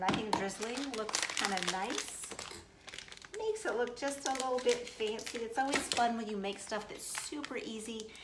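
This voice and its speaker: A woman's voice: a little high, very noisy. A woman hosting a casual cooking demonstration at home, chatty and upbeat as she talks straight to her viewers. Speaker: host of a recipe demo. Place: at home in the US Midwest.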